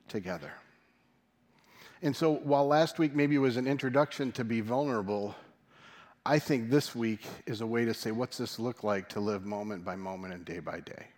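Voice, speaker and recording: Chatty pastor man preaching. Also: medium pitch. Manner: chatty, self-joking, animated asides. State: dry mouth from caffeine. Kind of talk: sermon. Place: church service.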